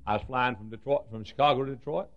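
Folksy older preacher with a gravelly voice. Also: male voice, medium pitch, fast, dull audio. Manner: folksy storytelling with stammered restarts and sudden swings from loud to soft. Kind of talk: sermon.

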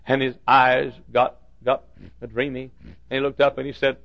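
An older man, a pastor, telling a story from the pulpit with halting restarts and bursts of loud preaching. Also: medium pitch, flat delivery, gravelly. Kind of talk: sermon storytelling. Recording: dull lo-fi sermon recording.

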